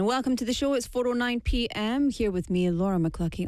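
Woman radio host, playful chatty delivery, bright higher voice, dry close studio mic. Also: brisk, few pauses, dry recording. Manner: chatty, playful, switching between English and Korean. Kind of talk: casual radio talk. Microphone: studio microphone.

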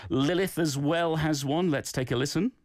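A man's voice: a little high, moderate pace, darkish tone, no echo, studio quality. A man teaching a daily Korean phrase and giving encouraging feedback on listeners' recordings. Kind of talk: casual language lesson.

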